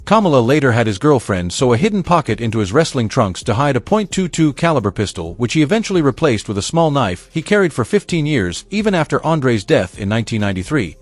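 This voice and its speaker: A man's voice: mid-range voice, very animated, quick pace, hardly any pauses, no echo. A man giving scripted documentary narration, building suspense. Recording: dry voice-over over music.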